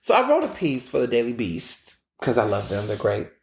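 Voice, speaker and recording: A man's voice: mid-range voice, huge pitch swings, normal speed. A man hosting a podcast, giving blunt, profane commentary with sassy asides to his listeners. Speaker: podcast host. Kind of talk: casual opinionated commentary. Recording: roomy echo.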